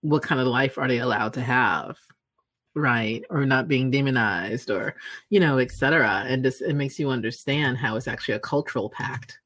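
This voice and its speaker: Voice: medium pitch, normal speed, a bit bright, dry recording. A podcast guest speaking reflectively, building points with "right?" and "you know.". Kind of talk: reflective conversational talk.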